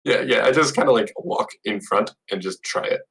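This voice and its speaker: A man playing a tabletop game over an online call from home, relaxed and joking. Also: mid-range voice, moderate pace, vocal fry, distant mic, low-quality recording. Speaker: player. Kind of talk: casual tabletop play.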